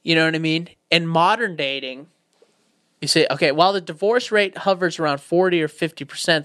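A man's voice: on the high side, a bit bright, clean tone. A man co-hosting a podcast in casual chat, rambling and swearing freely with many fillers. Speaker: podcast co-host.

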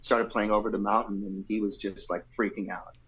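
A man's voice: lowish voice, fairly even intonation, brisk, a bit bright, breathy edge, dull audio. A middle-aged man, a guest musician, telling a loose anecdotal story in an interview and acting out the quotes.

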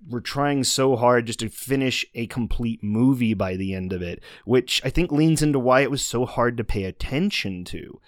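A man's voice: medium pitch, dry recording. A man chats casually about a film he watched, looping through asides and false starts as he goes. His voice sits in an ordinary middle range. The sound is close and dry, with no room around it. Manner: rambling, many restarts and asides. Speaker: podcast co-host reviewing movies. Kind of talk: casual chat.

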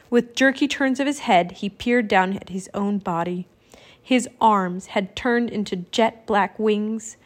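A woman narrating a children's audiobook with clear, expressive storytelling. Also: medium pitch. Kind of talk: audiobook reading.

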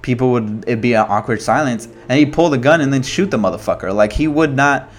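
A man hosting a casual solo commentary, talking in an animated way with lots of swearing, fillers and restarts. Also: mid-range voice, brisk. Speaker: podcast host.

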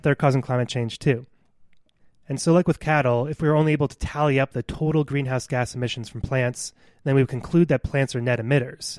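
Male podcast co-host, mid-pitch, earnest lecturer, dry close recording. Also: a little mellow, no echo. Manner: earnest, lecturing with scientific detail. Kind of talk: explanatory podcast talk.

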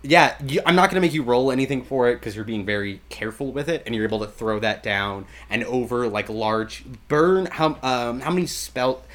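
A man's voice: medium pitch, a little fast, few pauses, a bit bright. A man narrating a tabletop game as game master, casual and rambling with many fillers.

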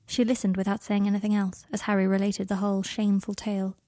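Soft-spoken woman reading a story. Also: little pitch movement, fast. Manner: soft, low-key narration. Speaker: audiobook reader. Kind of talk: fan fiction reading.

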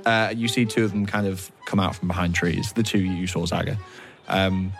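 A man narrating as game master of a tabletop game, describing scenes in a relaxed, hesitant way. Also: low voice, normal speed, soft background music.

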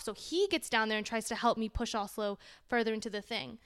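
Animated young woman telling a story. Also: a little high, quick pace, clear, resonant tone. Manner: animated, acts out quotes, swears casually. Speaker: podcast co-host. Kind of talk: casual storytelling chat.

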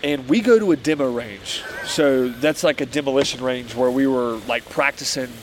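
A man's voice: medium pitch, moderate pace, a little hiss or hum, rough recording. A young man casually telling a military story outdoors at a campfire, laid-back and swearing a lot, with "like" and "bro" all through. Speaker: former Marine telling a story.

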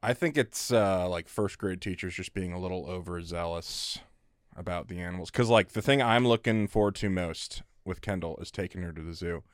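A man's voice: deep voice, moderate pace, dry recording, clean studio sound. A man in his thirties co-hosting a podcast, chatting casually and joking with a loose, swearing manner. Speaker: podcast co-host. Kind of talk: casual chat.

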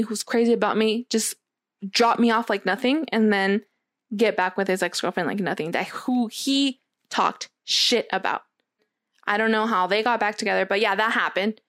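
A young woman casually telling a long personal story, acting out what was said with lively quoting. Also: fairly high pitch, normal speed, dry recording, clean studio sound. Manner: animated storytelling, acts out quotes. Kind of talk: casual chat.

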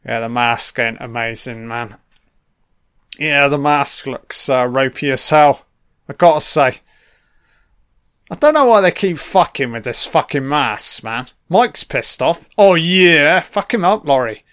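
Guy swearing his way through a movie commentary, slow and clear. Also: mid-range voice, lively intonation, fairly bright tone, dry recording, studio quality. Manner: swears constantly, blunt and opinionated. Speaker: film commentator. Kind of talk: casual audio film commentary.

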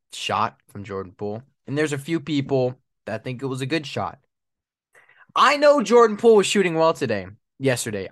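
A man's voice: mid-range voice, dry recording, studio quality. Frustrated man ranting on a sports podcast. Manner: frustrated, repetitive, animated complaining. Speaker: podcast host. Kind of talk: solo sports podcast rant.

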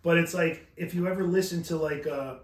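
A man from New York rambles through a story in a loose, swearing, animated way. His voice sits a little high for a man. The room around him rings with echo. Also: fairly quick. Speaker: podcast co-host. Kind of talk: casual chat. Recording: roomy echo.

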